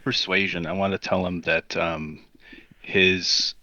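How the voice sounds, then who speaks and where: A man playing a tabletop game, speaking hesitantly with many pauses. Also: sits low, little pitch movement, bright, forceful tone, dry recording, highs cut off. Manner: hesitant, full of ums. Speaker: player. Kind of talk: casual tabletop play.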